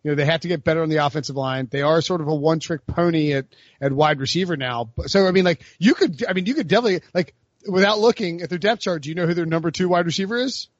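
A man's voice: on the high side, quick pace, no room sound, highs cut off. Man hosting a rambling sports chat. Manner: rambling, many fillers and restarts. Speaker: host.

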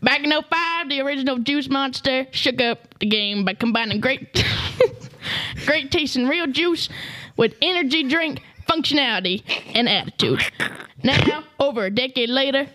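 A woman's voice: high-pitched, lively intonation, moderate pace, bright, forceful tone, no room sound. A woman putting on a rural hick accent to read drink-can ad copy, breaking into laughs. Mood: mock-serious. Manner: mock-dramatic, laughing reading.

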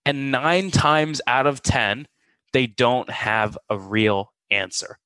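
A man's voice: mid-range voice, slow pace, bright, forceful tone, dry recording, low-quality recording. A man co-hosting a sales advice podcast, emphatic and blunt, acting out quotes. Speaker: co-host.

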